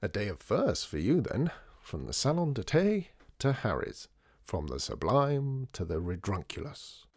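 A man voicing a charming, smooth-talking showman in a storybook reading, theatrical and persuasive. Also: fairly low pitch, big pitch swings, unhurried, dry recording, studio quality, full character voice. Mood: breezy.

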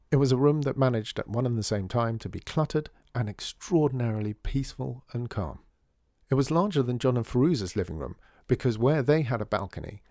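A man reading a children's story aloud, calm and measured. His voice is fairly low and mellow, and the close-miked, dry recording keeps it intimate. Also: dry recording. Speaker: narrator. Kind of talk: storybook narration.

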